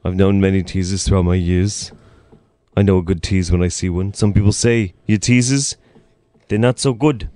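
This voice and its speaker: A man's voice: deep voice, fairly even intonation, moderate pace, mellow, dry recording, close to an everyday voice. A man doing a comedic impression of a boastful older politician who repeats himself and praises everything he does. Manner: repetitive, self-praising, superlatives.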